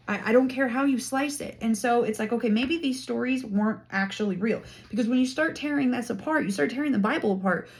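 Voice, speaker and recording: A woman talking straight to camera in a casual monologue, indignant and emphatic as she builds her case. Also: a little high. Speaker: vlogger.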